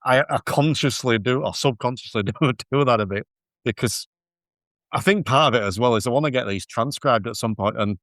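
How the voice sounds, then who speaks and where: Yorkshire podcast host, laughing easily. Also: male voice, mid-range voice, brisk, dry recording, studio quality. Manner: relaxed and self-deprecating, laughs often. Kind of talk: casual chat.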